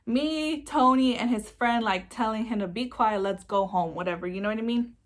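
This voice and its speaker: A woman's voice: a little high, moderate pace. A young woman telling a personal story in a casual storytime vlog, chatty, swearing freely and filling her speech with "like". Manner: chatty, swears freely, many filler words. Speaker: vlogger.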